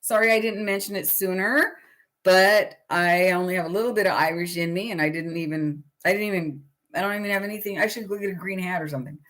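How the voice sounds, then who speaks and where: A woman's voice: on the low side, fast talker, fairly bright tone. Chatty middle-aged woman hosting a book club. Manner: chatty, rambling, greets viewers by name. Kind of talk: casual livestream chat.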